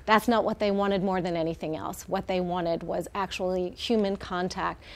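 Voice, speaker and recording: A woman's voice: lowish voice, fairly even intonation, moderate pace, darkish tone. A middle-aged woman, the head of an animal welfare group, speaking as a guest in a live TV interview in a heartfelt way, with many fillers and restarts.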